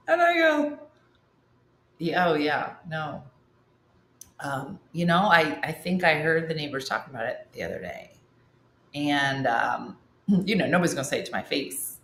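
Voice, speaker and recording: A woman's voice: deep voice, big pitch swings, a little slow, creaky, pauses often, fairly bright tone, reverberant, slight background noise. A woman comedian hosting a morning show, telling a story and acting out her friend's lines. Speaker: comedian host.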